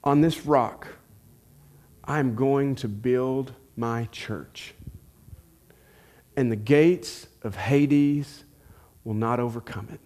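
A man voicing Jesus as a calm, authoritative teacher, speaking low and slow in a sermon retelling. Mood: solemn.

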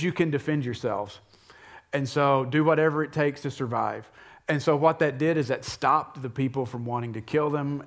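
Man preaching in animated storytelling. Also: a little high. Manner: animated storytelling, conversational asides. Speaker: pastor. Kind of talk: sermon.

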